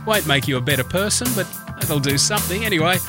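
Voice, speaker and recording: A man's voice: a little high, expressive, quick pace, over music. A man with an Australian accent, hosting a breakfast radio show and chatting casually while reading out listener messages. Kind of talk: casual morning radio chat. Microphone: studio microphone.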